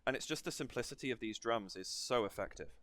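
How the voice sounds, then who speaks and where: A man's voice: medium pitch, lively intonation, fast talker, a bit bright, slight background noise. A man hosting a reaction video, analysing a song's rhythm in a digressive way and counting and humming beats to explain it. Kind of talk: music analysis commentary.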